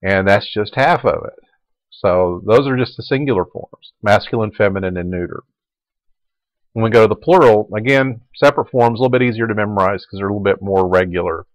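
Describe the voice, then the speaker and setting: A man with a lowish voice gives a Latin lecture, talking through the grammar at an easy pace and repeating the forms aloud. The sound is dry and close, with little room around it. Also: brisk, no echo, rough recording. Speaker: Latin teacher. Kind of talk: recorded lecture.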